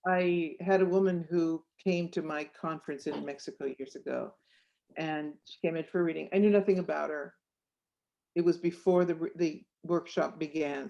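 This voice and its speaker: A woman author and clairvoyant telling stories in an interview, animated and acting out the voices in her anecdotes. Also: sits low, creaky, lo-fi sound. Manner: animated, acts out voices in anecdotes, laughs often. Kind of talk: storytelling interview chat.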